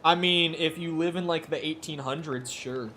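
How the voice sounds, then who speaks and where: A man's voice: on the high side, normal speed, sharp tone, slight background noise. A man streaming a game, chatting casually with viewers, rambling and joking with frequent laughs. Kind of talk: casual chat with viewers while gaming. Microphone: headset or desk mic, wears headphones.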